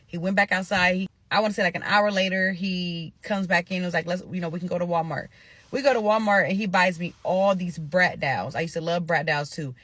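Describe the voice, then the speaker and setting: A woman from Nebraska talks straight to her viewers in a casual storytime. Her voice has a bright, forward tone. She tells it with animated, profane energy and keeps calling her audience "y'all.". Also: on the low side, brisk, no room sound. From Omaha, Nebraska.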